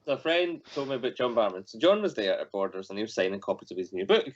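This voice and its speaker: A man's voice: on the low side, expressive, rapid-fire. A man from Scotland co-hosting a casual livestream, a giggly storyteller who laughs through his anecdotes. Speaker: co-host. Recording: slightly dull lo-fi stream audio.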